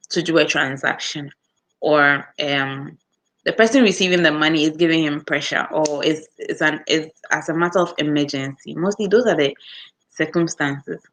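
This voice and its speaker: A woman with a Ghanaian accent chatting casually as she answers viewer comments, telling animated stories about customers and acting out their voices. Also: deep voice. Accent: Ghanaian English. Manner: animated storytelling, acts out customers with quick voice switches and laughter. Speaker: customer service worker, vlogger.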